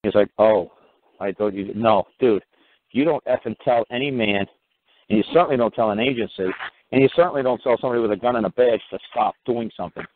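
A man's voice: medium pitch, fast, a little hiss or hum. A middle-aged man with a New York accent, giving blunt, profane, emphatic advice on a call-in talk show. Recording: tinny phone line.

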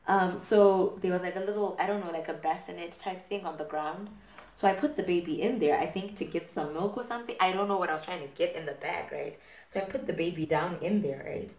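A young woman from Zimbabwe tells a story at home, chatty and dramatic, full of "like" and "right?". Her voice sits a little low. The room is echoey. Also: a little mellow. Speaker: vlogger. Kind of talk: storytime chat while doing hair.

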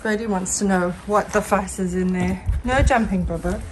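A woman's voice: mid-range voice, moderate pace. A woman vlogging casually in her garden on a handheld phone. She chats with viewers, giggles often and calls out to her dogs. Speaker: dog owner and vlogger. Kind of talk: casual vlog talk to viewers. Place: home garden outdoors. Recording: noisy outdoor phone recording.

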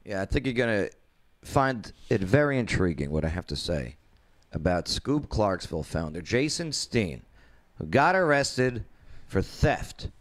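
A man hosting his own talk show, telling a story in a lively, animated way with quoted voices. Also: fairly low pitch, a little slow. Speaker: radio show host.

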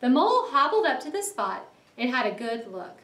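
A woman teacher reading a story aloud for a class in an expressive way, stopping to explain words. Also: high-pitched, normal speed, echoey room, distant mic. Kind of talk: read-aloud lesson narration.

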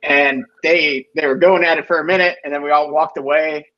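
A man chats casually on a podcast, circling back with fillers and restarts as he tells a story. His voice sits a little high. The audio is dull and lo-fi, like an online call. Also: steady tone, brisk. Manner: rambling, many restarts and fillers. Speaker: podcast guest. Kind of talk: casual chat.

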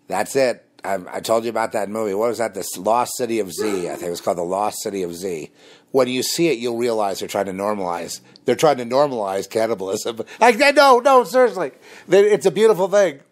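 A man with a deep, low voice delivering a rambling, combative monologue. He shifts between heated bursts and hushed, confiding asides, and he mocks his critics as he talks. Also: normal speed. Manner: rambling and combative, mocking laughs. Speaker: host. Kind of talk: spoken monologue on religion and conspiracy.

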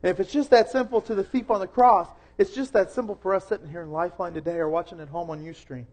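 A young man preaching a sermon in a church, earnest, rising to loud emphasis and dropping soft again. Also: sits high, steady tone, fast. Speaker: pastor.

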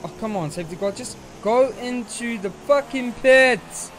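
His voice extremely high and a bit bright, a young gaming host speaks a little slowly over slight background noise. He's playing a racing game and, frustrated, swears and rants at a rival driver.

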